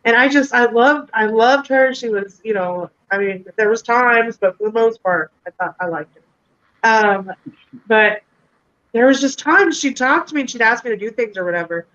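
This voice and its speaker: A woman's voice: fairly high pitch, moderate pace, highs cut off. A woman chatting casually on a podcast, rambling animatedly and poking fun at herself. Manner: animated, self-deprecating rambling. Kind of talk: casual chat.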